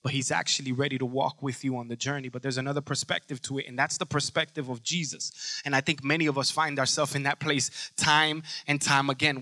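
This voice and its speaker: A man's voice: mid-range voice, bright, forceful tone, no room sound, studio quality. A man preaching a sermon in an emphatic, conversational way, asking rhetorical questions as he goes.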